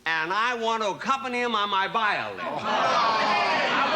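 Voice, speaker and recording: Older guy, high bouncy voice, fussy and put-upon, old tv show with a loud laughing audience. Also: expressive, moderate pace, a loud crowd. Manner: exasperated, fussy timing. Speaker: host comedian. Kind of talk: sketch comedy. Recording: 1960s TV broadcast with studio audience laughter.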